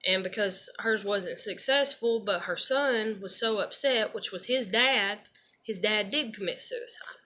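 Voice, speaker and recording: A woman's voice: mid-range voice, measured pace, sharp tone. A woman venting in a rambling personal monologue, swearing heavily and leaning on fillers as she talks. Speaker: vlogger.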